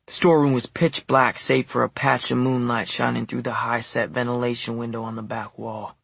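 A man narrating a first-person audiobook in a quiet, low-key, even delivery. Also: normal speed, creaky, hardly any pauses, breathy edge, no echo. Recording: dry close studio recording.

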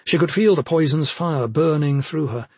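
A man narrating a fantasy audiobook in a husky voice, with measured, even storytelling. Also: on the high side, dry recording.

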